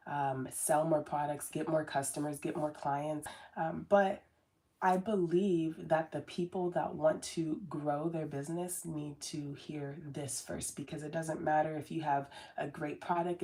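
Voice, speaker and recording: A woman's voice: deep voice, a little mellow. A woman giving an earnest, rambling motivational talk as a business coach, with many fillers and restarts. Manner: self-described very sensitive. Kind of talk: casual motivational talk to camera.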